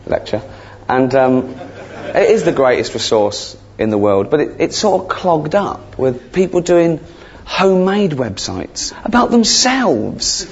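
A man doing a stand-up comedy routine, rambling and sweary, with deadpan asides that break into shrill outbursts. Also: a little slow, a little hiss or hum. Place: theatre stage before a laughing crowd. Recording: dull live recording with loud audience.

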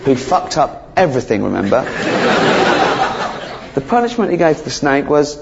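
A man's voice: mid-range voice, very animated, normal speed, creaky, long pauses. A comedian delivers cheeky, mock-exasperated stand-up in a middling male voice. The recording sounds dull and muffled. Background noise runs underneath. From England.

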